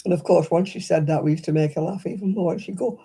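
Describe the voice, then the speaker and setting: Husky, dark-voiced woman. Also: fairly low pitch, quick pace. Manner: chatty anecdotal storyteller, laughs often. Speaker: crafting livestream host. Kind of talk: casual chat.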